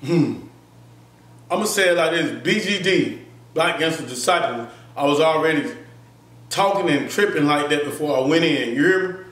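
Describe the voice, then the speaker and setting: A man telling his story in a casual interview, animated and acting out voices, often asking "you feel me". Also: a little high, moderate pace, distant mic. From Florida, US. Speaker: interview guest. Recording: echoey room, somewhat off-mic.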